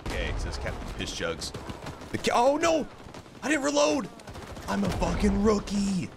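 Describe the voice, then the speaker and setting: A man commentating his own gameplay, excitable and joking, who swears and swings between yelling and mumbling. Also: high-pitched, normal speed, noisy background. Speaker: gaming YouTuber. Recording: game gunfire and explosions behind the voice.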